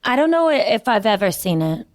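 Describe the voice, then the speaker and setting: A woman co-hosting a podcast in casual chat, animated and giggly, drifting into silly tangents. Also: fairly high pitch, fairly quick. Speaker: podcast co-host.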